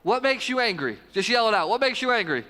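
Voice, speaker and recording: A man in his thirties preaching a casual, joking sermon at a live church service, talking straight to the congregation with quick asides. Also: high-pitched, big pitch swings, pushed and bright, in a large hall. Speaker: pastor.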